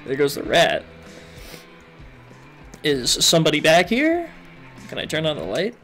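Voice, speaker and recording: A man's voice: on the high side, huge pitch swings, measured pace, pushed and bright, faint music behind. A young man giving playful, joking let's-play commentary as he works through a game. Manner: playful, jokey, chatty with game characters. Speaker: gaming video host.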